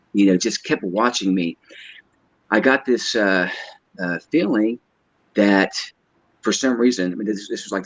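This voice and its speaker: Low-voiced man, halting and hesitant. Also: dry recording. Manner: halting, hesitant, repeats words. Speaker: guest caller. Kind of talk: telling a personal story. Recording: dull lo-fi line.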